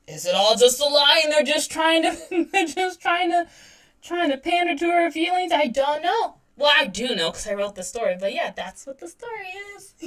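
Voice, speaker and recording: A woman's voice: high voice, fairly bright tone. A woman in her thirties chatting casually on a livestream while drawing, self-deprecating and laughing often. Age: 30s. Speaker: webcomic artist streaming.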